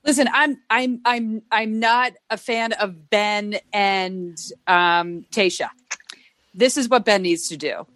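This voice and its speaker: A woman's voice: mid-range voice, takes it slowly, fairly bright tone, no room sound. A woman guest on a podcast, joking in casual chat with hesitant restarts and ums.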